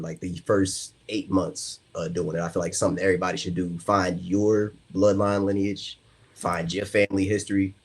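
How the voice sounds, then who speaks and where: A low-voiced American man speaking as a guest on a casual podcast. His voice is husky. He talks earnestly with small pauses. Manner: earnest, a bit halting.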